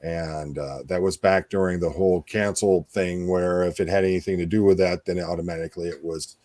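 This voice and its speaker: Host, male, very low voice, dry close sound, loose rambling chat. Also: fairly even intonation, fairly quick, a little mellow, no echo. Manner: rambling, with many fillers and restarts. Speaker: podcast host. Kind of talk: casual chat.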